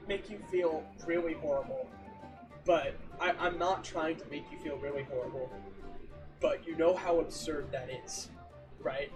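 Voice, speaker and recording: A man streaming and chatting casually with viewers, ranting in an animated, exasperated way and repeating himself for emphasis. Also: fairly high pitch, moderate pace, over music. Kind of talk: casual livestream chat with viewers.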